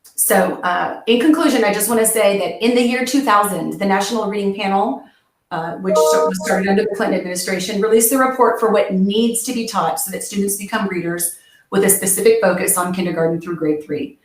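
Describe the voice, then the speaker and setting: A woman's voice: mid-range voice, a little fast. A woman education researcher giving an earnest, passionate webinar presentation over a video call. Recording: echoey room.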